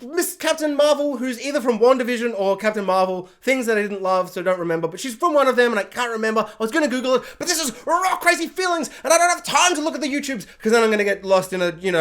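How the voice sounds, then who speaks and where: A man with a high-pitched voice rambles through an excited film review. He talks in rapid bursts and keeps slipping into goofy voices.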